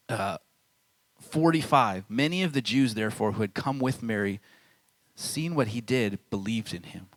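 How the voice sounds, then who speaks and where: A man's voice: medium pitch, a bit bright, no echo, low-quality recording. A man in his thirties giving a camp sermon, telling the story casually and acting out the people he quotes. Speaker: camp speaker.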